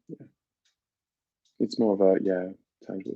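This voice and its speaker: Chatty British man, husky dull lo-fi audio. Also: low voice, normal speed, long pauses, dry recording. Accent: British English. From United Kingdom. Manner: chatty and animated, laughs often, reads out viewer comments. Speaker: livestream host. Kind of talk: casual chat with live viewers.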